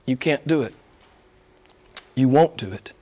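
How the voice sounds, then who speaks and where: A man preaching a sermon, rising to loud, high emphatic peaks and dropping to hushed near-whispers, with rhetorical questions and repetition. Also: lively intonation, a little slow, lo-fi sound. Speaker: pastor.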